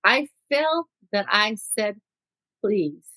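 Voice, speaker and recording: A woman's voice: on the high side, moderate pace, a bit bright, no room sound, low-quality recording. A middle-aged woman from Mexico, a guest telling her own story in an interview, vivid and acting out what people said. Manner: vivid storyteller who acts out quotes.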